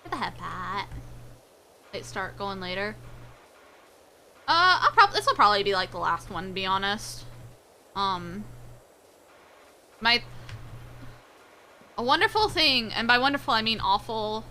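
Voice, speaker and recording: A woman's voice: mid-range voice, animated, a little slow, pauses often, pushed and bright, slight background noise, low-quality recording. A young adult woman streaming a game, chatting casually in a rambling way, swearing freely and laughing often, with a slightly sore throat. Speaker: VTuber streamer. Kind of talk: casual gameplay chat.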